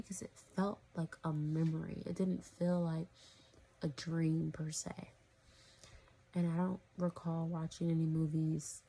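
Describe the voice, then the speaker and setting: Woman vlogger, dark mellow tone, husky, fillers, slips into whispering. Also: sits low. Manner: rambling, full of "you know" and "like", often drops to a whisper. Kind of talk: casual storytelling to camera.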